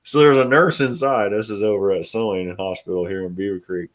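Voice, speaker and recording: A middle-aged man with a very deep voice talks casually to his live audience. He is blunt and plain-spoken, and he swears freely as he chats. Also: fairly quick. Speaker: host. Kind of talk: casual live-stream chat.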